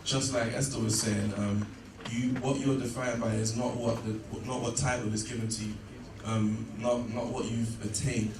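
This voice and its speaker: A young male student giving a short, hesitant speech to an audience with many pauses. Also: medium pitch, level tone, noisy background. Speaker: student speaker. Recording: echoey hall from far off, with music.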